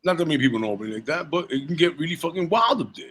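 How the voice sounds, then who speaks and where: A man's voice: on the high side, very fast, a little hiss or hum, poor audio. A man in his forties, a rapper and DJ, telling stories in a casual interview, swearing freely and laughing between lines. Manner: profane, animated storyteller who laughs between lines.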